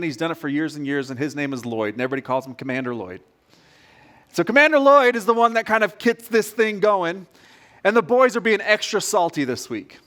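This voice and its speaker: A man preaching a sermon as pastor, telling a story in an animated, direct way. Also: high-pitched.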